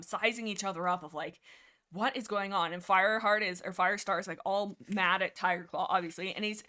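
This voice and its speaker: A woman's voice: mid-range voice, sharp tone. Woman, stream host, casual book chat, rambling and gushing, stumbles over names. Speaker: livestream host. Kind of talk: casual book discussion with read-aloud passages.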